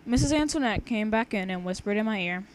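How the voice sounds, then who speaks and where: A woman's voice: mid-range voice, lively intonation, quick pace. A young woman casually reading her own story aloud, chatting and rambling with frequent stumbles and restarts. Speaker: story reader.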